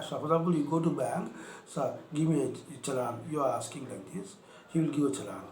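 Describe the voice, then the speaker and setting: A man's voice: on the high side, darkish tone. A man with an Indian English accent, teaching an English lesson with repetition and rhetorical questions. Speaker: English lecturer. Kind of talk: spoken language lesson. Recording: echoey room with faint noise.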